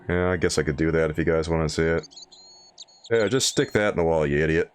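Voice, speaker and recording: A man's voice: sits low, brisk, faint music behind. A man streaming a game late at night, tired, chatting and joking casually with his viewers. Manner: joking banter with chat, playful mock voices. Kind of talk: casual livestream commentary.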